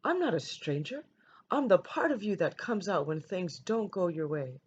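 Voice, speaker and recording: Lady doing a high eager little anger monster for a storybook, kinda muffled recording. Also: big pitch swings, normal speed. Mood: coaxing. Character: hairy red anger creature, friendly, coaxing. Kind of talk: storybook read-aloud. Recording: dull lo-fi recording, faint noise.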